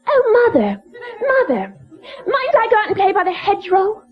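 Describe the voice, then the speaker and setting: A woman's voice: extremely high pitch, huge pitch swings, moderate pace, very noisy, pitched above the performer's own voice, exaggerated voice. A woman voicing a snooty little British girl who whines and begs her mother in a prim accent. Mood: whiny pleading. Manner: whiny, prim, begging. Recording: muffled club recording with loud crowd.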